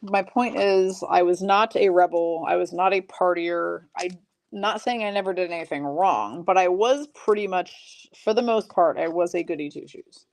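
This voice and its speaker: A woman's voice: on the low side, creaky, darkish tone. A woman hosting a live card break stream, chatty and self-mocking. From Michigan. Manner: chatty, self-mocking, rattling off names quickly.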